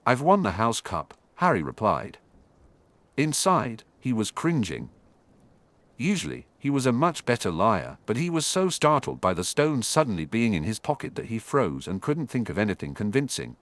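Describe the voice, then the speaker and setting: Man, audiobook narrator, animated storytelling, lively intonation, dry close recording. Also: medium pitch, normal speed, no echo. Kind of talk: scripted narration.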